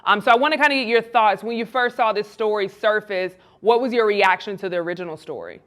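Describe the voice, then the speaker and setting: A woman hosting an entertainment news show, reading the story and then greeting her guest with excitement. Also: medium pitch, fast talker. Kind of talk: scripted news read then interview.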